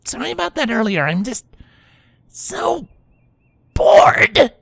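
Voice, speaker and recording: A woman's voice: a little high, sing-song, brisk, a bit bright, dry recording, pitched above the performer's own voice. A woman voicing a brash, tomboyish young female pegasus in a fan fiction reading, casual and teasing. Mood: bored.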